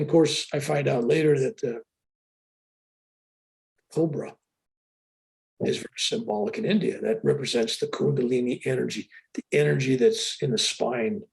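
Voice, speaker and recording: An older man telling a story with animated excitement as an interview guest on a video call. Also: mid-range voice, normal speed, creaky, long pauses. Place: room with a sheetrock wall.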